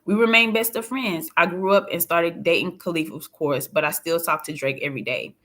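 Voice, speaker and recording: Bright-voiced woman narrating an audiobook. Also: on the low side, brisk. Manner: plain, confiding storytelling. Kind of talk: first-person audiobook narration.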